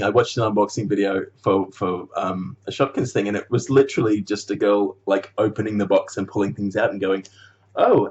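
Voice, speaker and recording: A man with a lowish voice, recorded with dull audio, talks casually and wanders from topic to topic on his animation vlog. Frequent laughter, free swearing and unfinished thoughts run through his chatter.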